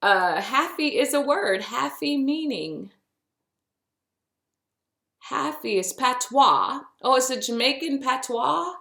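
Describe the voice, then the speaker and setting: A woman's voice: sits high, expressive, slow, vocal fry, long pauses, sharp tone. Chatty woman podcast host, roomy sound. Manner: chatty and playful, with pet names like honey and boo. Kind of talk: casual spiritual podcast monologue. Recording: roomy echo.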